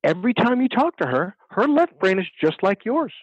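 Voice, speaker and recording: A man tells an emphatic story in an interview, slipping into other people's voices as he goes. His voice sits a bit high. The sound is dry and a little dull, as if heard over a remote link. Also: big pitch swings, fairly quick, breathy edge, dry recording. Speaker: dating coach guest.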